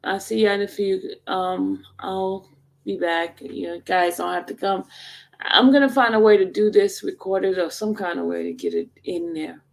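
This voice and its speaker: A woman's voice: medium pitch, very animated, moderate pace, gravelly. A woman hosting a livestream, talking casually and rambling straight to her viewers. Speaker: livestream host.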